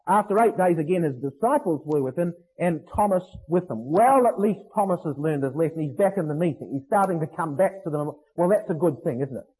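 A man preaching a sermon, emphatic, slowing to stress phrases and asking rhetorical questions. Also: on the high side, a little mellow, husky, low-quality recording.

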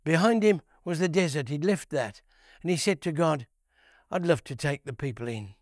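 A man with a rather high voice tells a Bible story to children. His delivery is animated, and he briefly takes on the voices of the people in the story. The sound is dry and close, with no room echo. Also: a little slow. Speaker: preacher.

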